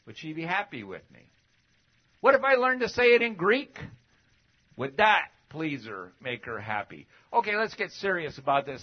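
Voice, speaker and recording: A fairly high-voiced man preaching a sermon in a lively, conversational way. He fires off rhetorical questions and jumps between loud, emphatic bursts and quiet asides. The recording sounds dull and lo-fi. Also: unhurried. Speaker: preacher teaching a Bible lesson.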